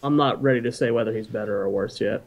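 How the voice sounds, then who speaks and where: A man on a casual panel who gives measured, cautious opinions. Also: medium pitch.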